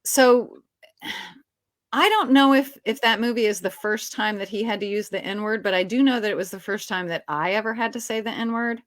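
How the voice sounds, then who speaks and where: A woman's voice: medium pitch, moderate pace, no echo, studio quality. A woman actress as an interview guest, telling behind-the-scenes stories in a chatty way with many "you know"s. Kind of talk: casual storytelling interview.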